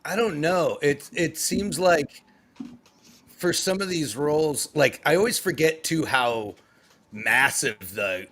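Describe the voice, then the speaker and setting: A man with a lively, swinging delivery and a bright, forward tone rambles through his opinions on a comedy panel. He swears easily and drifts into fillers as he thinks aloud. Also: on the high side, unhurried, a little hiss or hum. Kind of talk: casual comedy panel banter.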